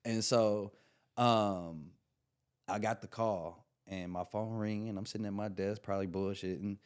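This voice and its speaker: A comedian with a fairly low voice spins a casual, slang-heavy story on a podcast. He acts out each quote as he goes and swings between laid-back and animated. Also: a little slow, smooth.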